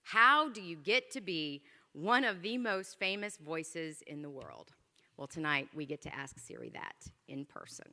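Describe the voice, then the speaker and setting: A woman hosts an evening gala on a stage microphone, her voice clear and bright. She makes playful asides to the audience, and her words carry a long reverb from the hall. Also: low-pitched, expressive, measured pace. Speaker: master of ceremonies. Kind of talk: emceeing a gala event. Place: large event hall.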